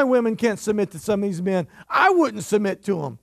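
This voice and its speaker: A man preaching a sermon in church, his voice pitched high with a gravelly edge. He mixes playful jokes into emphatic preaching and keeps calling out for amens. The sound is close and dry. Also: lively intonation, a little fast, hardly any pauses, no room sound. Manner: emphatic, jokey preaching with call-and-response. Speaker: pastor.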